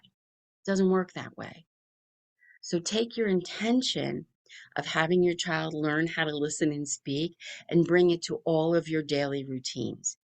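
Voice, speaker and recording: A middle-aged woman, a speech pathologist chatting fast and informally as she gives advice to parents. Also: on the low side, creaky. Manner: chatty, talks fast with few pauses. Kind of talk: informal presentation to families.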